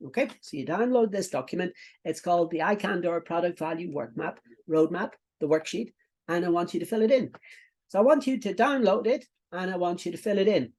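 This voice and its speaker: A man's voice: high-pitched, a little fast, darkish tone. Chatty middle-aged man giving coaching instructions. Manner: instructive, repeats himself, many fillers and asides. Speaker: business coach. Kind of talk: recorded coaching lesson.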